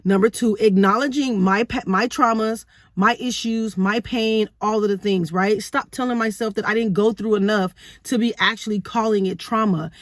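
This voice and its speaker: A woman's voice: medium pitch, steady tone, moderate pace, few pauses, no room sound, clean studio sound. A woman in her thirties telling a personal parenting story to camera, earnest and full of rhetorical questions. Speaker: vlogger sharing parenting experience.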